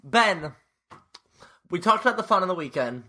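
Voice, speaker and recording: A man's voice: high-pitched, animated, normal speed, sharp tone. A man in his twenties co-hosting a casual podcast, joking and teasing, acting out quotes as he talks. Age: 20s. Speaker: podcast co-host. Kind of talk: casual chat.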